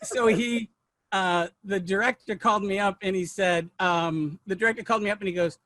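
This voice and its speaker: A man's voice: sits high, normal speed, bright, forceful tone, no room sound. A man, a comedian and filmmaker, telling rambling, self-mocking stories in an interview. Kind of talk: anecdotal interview storytelling.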